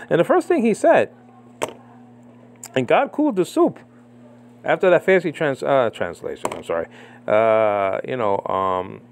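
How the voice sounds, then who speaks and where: Animated, mocking man with a lively voice. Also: fairly high pitch, slight background noise. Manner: animated, mocking, many fillers and repeats. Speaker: Bible commentator. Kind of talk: casual spoken commentary on a debate. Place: living in the Philippines.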